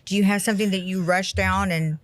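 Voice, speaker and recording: A woman co-hosting a podcast, asking her guest relaxed questions. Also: mid-range voice, brisk, dry recording. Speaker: podcast co-host. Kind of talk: casual interview chat.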